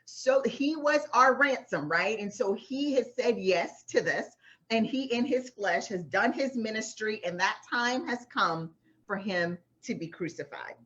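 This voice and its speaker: A woman's voice: fairly high pitch, expressive, measured pace, fairly bright tone. Woman teaching scripture, dull lo-fi sound. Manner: conversational, keeps asking "right?". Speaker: faith-based success coach teaching a class. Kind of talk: casual Bible teaching.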